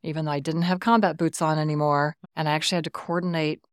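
Low-voiced woman in her sixties telling stories. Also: fast talker, smooth, no room sound, clean studio sound. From Texas, USA. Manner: warm, animated anecdotes with quoted dialogue. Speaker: guest, retired Air Force officer. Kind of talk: conversational storytelling.

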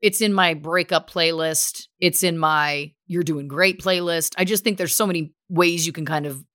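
A woman's voice: on the low side, steady tone, moderate pace, sharp tone. A woman co-hosting a podcast in casual chat, rambling with lots of fillers. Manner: rambling, heavy use of filler "like". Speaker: podcast co-host.

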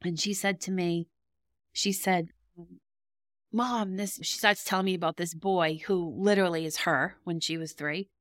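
A middle-aged woman hosts her podcast and tells a personal story in a candid, rambling way that turns emotional. Her voice sits fairly low, and it is picked up close and dry with no room sound around it. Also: fairly even intonation, moderate pace, a bit bright, dry recording. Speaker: podcast host.

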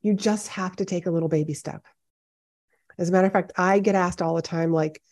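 Speaking at a moderate pace in a low, darkish voice, a speaking coach records her solo podcast pep talk. She addresses the listener directly in a warm, encouraging, conversational way from a high-ceilinged home office with hardwood floors.

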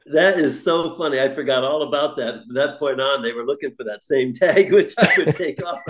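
A man's voice: medium pitch, brisk, echoey room, background noise. An older man, a former baseball broadcaster, telling stories in a chat and laughing easily. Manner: warm storyteller who laughs easily. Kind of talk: storytelling in a podcast chat.

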